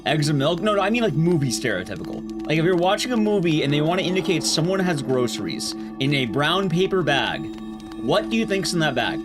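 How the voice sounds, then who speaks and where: A man streaming, recapping a film in a casual, sarcastic and animated way. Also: a little high, fairly quick. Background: background music.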